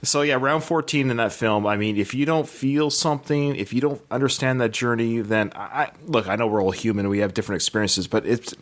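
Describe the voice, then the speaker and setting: Guy in his 30s hosting a podcast, chatty and excited, keeps restarting his sentences, mid pitch. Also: a little fast, hardly any pauses. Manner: chatty, enthusiastic, rambling with restarts. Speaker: podcast host. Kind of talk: casual interview chat.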